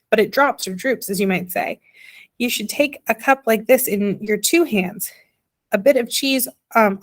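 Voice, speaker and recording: A woman reading the part of a small, homely father who explains things slowly in plain, ungrammatical speech. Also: on the high side, natural voice. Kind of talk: audiobook character reading.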